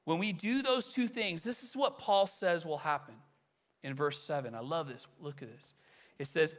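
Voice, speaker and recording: A man preaching a sermon, earnest and conversational, asking rhetorical questions and slowing down to lean on key phrases. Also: fairly high pitch. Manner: slows and leans on key phrases. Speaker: pastor.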